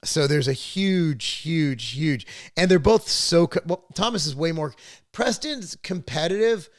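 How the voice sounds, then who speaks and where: A man's voice: on the high side, lively intonation, a little slow, dry recording. A middle-aged man hosting a podcast, telling family stories in a rambling, profane, casual way. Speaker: podcast host. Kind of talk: casual chat.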